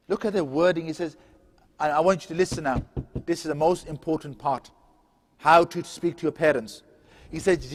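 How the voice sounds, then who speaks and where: Animated imam in an echoing hall. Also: male voice, a little high, normal speed. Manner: animated, lively, switches to Arabic recitation, jokes with the youth. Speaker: imam giving a holiday sermon. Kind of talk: sermon. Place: large mosque prayer hall, indoors. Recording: echoey mosque hall, long reverb.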